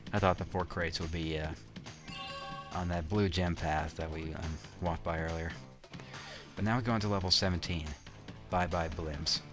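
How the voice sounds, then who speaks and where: Low-voiced young man rambling over game music. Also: fairly even intonation, moderate pace. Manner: rambling, with many fillers and restarts, mildly crude. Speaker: let's play commentator. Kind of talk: casual gameplay commentary.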